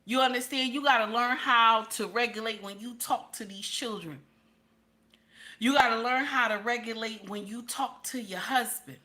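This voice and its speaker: A woman's voice: a little high, normal speed, bright, forceful tone. A middle-aged woman giving preachy relationship advice to women viewers, emphatic and repetitive, speaking straight to her listeners.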